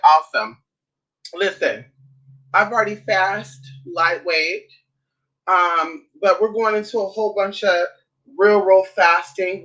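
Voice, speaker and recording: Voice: mid-range voice, sharp tone, poor audio. A vlogger talking in a sassy, blunt, casual way, swearing often and calling listeners honey and girl. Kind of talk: casual chat vlog.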